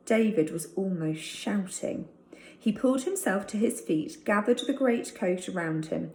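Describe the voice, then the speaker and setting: A woman's voice: mid-range voice, animated, measured pace, a little mellow. A woman teacher reading a chapter of a storybook aloud to her class. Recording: roomy echo.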